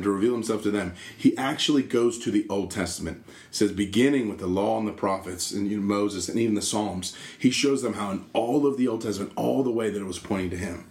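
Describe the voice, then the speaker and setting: A man with a fairly low voice hosts a relaxed conversation about faith. He retells scripture scenes animatedly, acting out the speakers, then turns to his guests with questions. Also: echoey room. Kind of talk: casual discussion.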